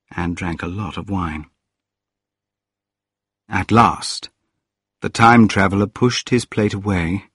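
Deep, slow, husky male storyteller. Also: dry recording, clean studio sound. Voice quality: calm, measured reading. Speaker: audiobook narrator. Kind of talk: scripted narration.

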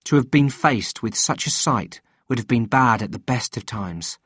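A man reading a novel aloud in measured, steady scripted narration. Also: mid-range voice, husky, dry recording, clean studio sound. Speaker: audiobook reader.

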